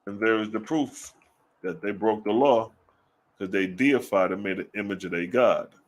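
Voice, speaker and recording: A man giving casual religious commentary, blunt and profane, firing off rhetorical questions and slowing down to read scripture aloud. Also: lowish voice. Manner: reads scripture slowly and deliberately.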